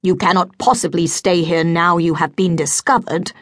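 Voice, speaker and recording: A woman's voice: on the low side, normal speed, fairly bright tone, dry recording, studio quality. A woman voicing a haughty, proud duke who speaks in an imperious, demanding way.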